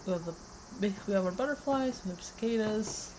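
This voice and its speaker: A Peruvian woman with a slight Spanish accent chats briskly while streaming a game, her mid-range voice over-enunciating consonants. She rambles and restarts often, over a noisy background with faint game music.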